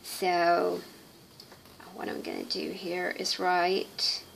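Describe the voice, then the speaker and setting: A middle-aged woman chatting casually while crafting, rambling and hesitant with lots of pauses. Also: on the low side, monotone, creaky, slight background noise, rough recording. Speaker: craft vlogger.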